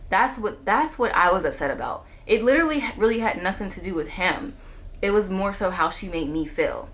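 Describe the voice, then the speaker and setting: A woman speaks to her camera in a relaxed storytime vlog, her voice sitting at an everyday middle pitch. She tells it as loose, conversational chat, leaping higher whenever she acts out what someone said. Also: brisk. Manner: animated retelling, jumping up in pitch when quoting herself and others. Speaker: vlogger telling a personal story. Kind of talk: casual storytime monologue. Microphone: camera on a stand.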